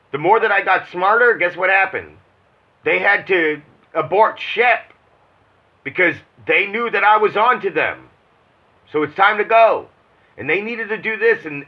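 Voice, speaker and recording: A husky man talks through a muffled, lo-fi phone call in a loose, rambling way. He swears often and circles back on his own thoughts. His voice sits a little high for a man. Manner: rambling, swearing, self-reflective. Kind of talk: casual phone chat.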